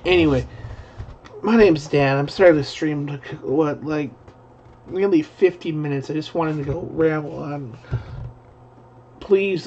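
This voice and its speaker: Rambling, profane man with higher voice. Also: a little mellow, a little hiss or hum. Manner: rambling, profane, frequent restarts. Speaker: live-stream commentator. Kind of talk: rambling live-stream commentary. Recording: dull lo-fi stream audio.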